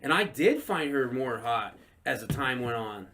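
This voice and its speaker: Male podcast co-host, casual, rowdy storyteller, pitch swings widely. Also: moderate pace. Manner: animated, swearing, acts out quotes in high voices. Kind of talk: casual drinking-podcast chat.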